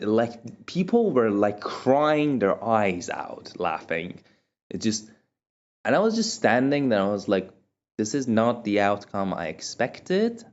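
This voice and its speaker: A young man with a fairly low voice tells a story from his own life in a loose, rambling way, full of self-mocking asides. The recording is dull and lo-fi, with a muffled home-mic sound. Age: young adult. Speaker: vlogger telling a personal story. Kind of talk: casual storytelling monologue.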